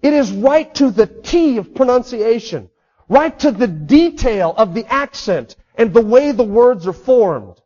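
A man's voice: very high-pitched, animated, a little slow, mellow, lo-fi sound. A man preaching a sermon in an emphatic way, repeating key words for stress. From United States. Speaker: pastor.

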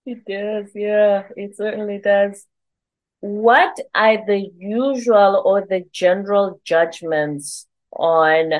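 A woman's voice: medium pitch, unhurried, poor audio. A woman hosting a podcast, chatting in a friendly way, laughing easily and asking her guest open questions. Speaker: podcast host. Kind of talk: conversational interview.

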